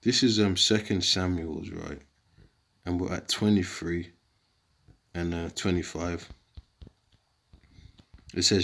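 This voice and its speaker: A man's voice: low-pitched, fairly even intonation, slow, creaky, long pauses, a bit bright. A man giving an informal scripture lesson, rambling and combative, dropping slang asides as he works through the words on his screen. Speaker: video teacher.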